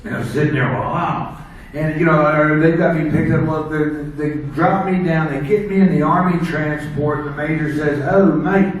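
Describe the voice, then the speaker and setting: American ex-wrestler holding court, rambling and chuckling, a touch high, heard from across an echoey hall with faint hiss. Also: male voice, moderate pace. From United States. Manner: rambling, laughs at his own stories. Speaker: wrestler telling road stories at a seminar. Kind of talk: casual storytelling to an audience. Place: seminar room. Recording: echoey room, mic far off.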